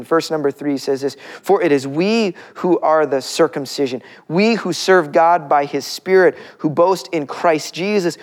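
A middle-aged male pastor preaching a conversational, emphatic sermon and asking his listeners questions. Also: a little high.

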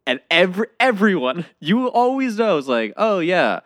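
A man with a fairly high voice jokes through scenes from a film, putting on the characters' lines. The recording is dry and close, with no room sound. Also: sing-song, normal speed, a bit bright, no room sound. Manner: jokey, acts out quoted dialogue. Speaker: podcast co-host. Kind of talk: casual film-review chat.

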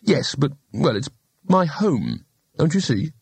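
A man's voice: on the high side, sing-song, slow pace, a little mellow, breathy edge, no echo, heavily acted. A man voicing a nervous, reluctant male wizard who speaks hesitantly and defensively.

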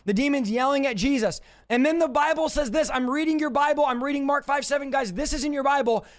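A man's voice: very high-pitched, fast. A man preaching on a livestream, emphatic and confrontational, repeating his points for force. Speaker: deliverance preacher. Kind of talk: livestream teaching.

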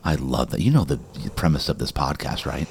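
A man hosting a podcast interview, enthusiastic and full of quick affirmations. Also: rumbling low, lively intonation, vocal fry, breathy edge. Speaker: podcast host. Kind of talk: casual interview.

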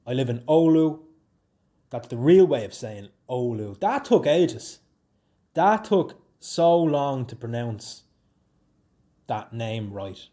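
Young Dublin Irish guy, solo podcast host, warm mellow tone, rambling and jokey. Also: slow pace, long pauses. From Ireland. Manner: rambling, jokey, lively swings in pitch and loudness. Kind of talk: casual solo podcast chat.

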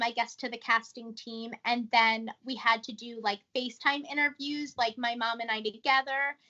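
A young woman from New York with a New York accent, telling a story as a podcast guest in a chatty, animated way, leaning on "like" constantly. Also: fairly high pitch. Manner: chatty, animated, says "like" a lot. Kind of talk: casual interview storytelling. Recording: dull lo-fi audio.

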